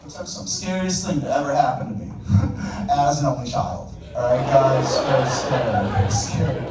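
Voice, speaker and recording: A man's voice: mid-range voice, expressive, brisk. A man doing a stand-up comedy set in a club, working the crowd and hitting punchlines hard. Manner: crowd work, loud punchlines. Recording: echoey club, distant mic, audience noise.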